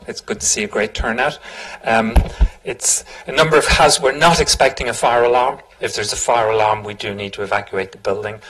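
A man's voice: lowish voice, a bit bright, husky, low-quality recording. A man hosting a public talk, giving housekeeping notes and an informal, chatty introduction. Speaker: event host. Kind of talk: event introduction.

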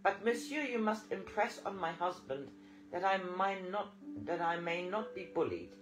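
A man's voice: high-pitched, animated, moderate pace, reverberant, music in the background, pitched above the performer's own voice, rough recording. A man voicing a playful young woman, an heiress, who teases her companion. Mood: teasing. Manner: playful, teasing.

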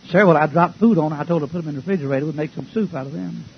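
A man's voice: fairly high pitch, very fast, vocal fry. Preacher man, punchy and folksy, old dull tape with a little hiss. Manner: folksy, emphatic preaching with rhetorical questions. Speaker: pastor. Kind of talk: sermon. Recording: dull lo-fi recording with faint hiss.

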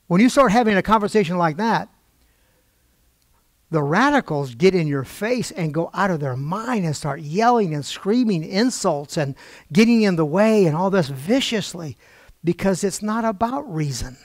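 A man's voice: high voice, dry recording, studio quality. An older man preaching in a storytelling style, acting out quoted voices with wry asides.

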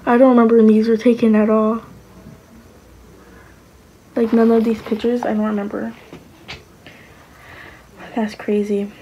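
A woman's voice: on the high side, level tone, measured pace, long pauses, warm tone, dull audio, slight background noise. A young woman vlogging casually, gushing and exclaiming, sometimes dropping to a whisper. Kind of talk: casual reaction vlog.

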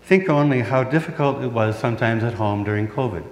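A man's voice: medium pitch, fairly quick. A middle-aged man preaching a sermon as pastor, putting questions to the congregation and answering them himself. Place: church sanctuary. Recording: reverberant church hall.

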